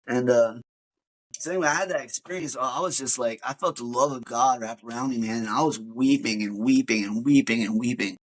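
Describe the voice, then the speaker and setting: A man's voice: mid-range voice, quick pace, rough recording. A man, a podcast guest, tells his personal story in a casual, rambling way, full of fillers and calling the host dude. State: emotional.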